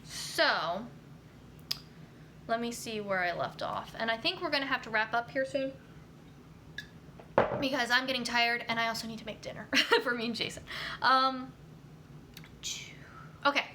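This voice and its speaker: A young woman talks through a casual live stream about nutrition, answering viewer comments as they come in. Her voice is bright and sits a bit high, and she fills her answers with ums and you-knows. A faint hum of room noise runs underneath. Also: unhurried, pauses often. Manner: chatty, many fillers like um and you know.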